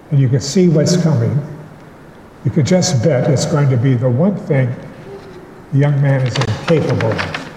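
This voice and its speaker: A man preaching a sermon as pastor, in a slow and measured way with deliberate pauses. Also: mid-range voice, expressive, dark tone, a little hiss or hum. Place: church sanctuary. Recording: echoey church hall with long reverb.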